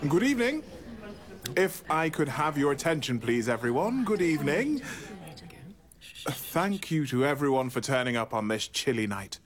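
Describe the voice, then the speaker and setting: An actor playing a chirpy, jokey amateur theatre director. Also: male voice, a little high, sing-song, normal speed. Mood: jolly. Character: jolly amateur theatre director, man, middle-aged.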